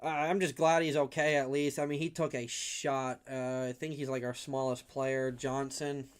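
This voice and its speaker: A man's voice: medium pitch, flat delivery, moderate pace, clear, resonant tone. A young man giving casual fan play-by-play on a livestream from his room at home, rambling and prone to getting worked up. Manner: rambling, gets worked up and shouts at big hits.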